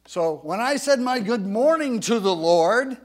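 A man preaching a sermon with emphatic delivery, rising loud when reading scripture aloud, with some halting restarts. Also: extremely high pitch, expressive. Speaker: pastor.

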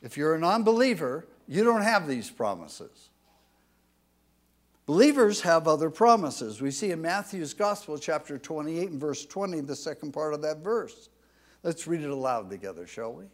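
A man preaching a sermon with emphatic delivery, rising loud when reading scripture aloud, with some halting restarts. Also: a little high, sing-song. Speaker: pastor.

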